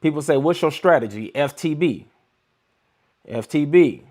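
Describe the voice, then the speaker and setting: A man's voice: on the high side, expressive, a little slow, a little mellow. Hyped man livestreaming to his chat. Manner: hyped, talks straight to his chat viewers. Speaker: livestream trading host.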